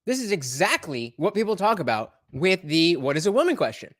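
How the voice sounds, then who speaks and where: Male reaction host, lively swinging pitch, emphatic, dry booth sound. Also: a little fast, no echo. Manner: animated, emphatic commentary. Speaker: YouTube commentary host. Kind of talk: reaction commentary.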